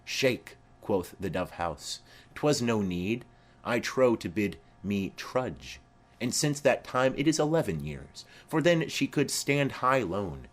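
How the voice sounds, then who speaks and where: A man reading the part of a garrulous old female nurse who rambles on with chatty asides. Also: lowish voice.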